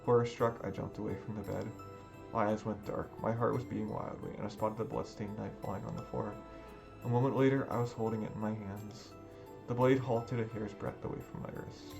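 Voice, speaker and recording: Guy with a gravelly voice reading a visual novel, all emotional, music in the back. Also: fairly low pitch, little pitch movement, brisk. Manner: dramatic, emotional first-person reading. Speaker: gaming video creator. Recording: music playing underneath.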